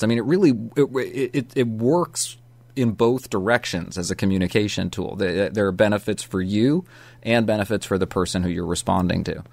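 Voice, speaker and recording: A man's voice: lowish voice, dry recording. A man hosting a conversation, speaking thoughtfully and measuredly, with some hesitations as he works through his ideas. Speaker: podcast host. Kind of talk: casual conversation.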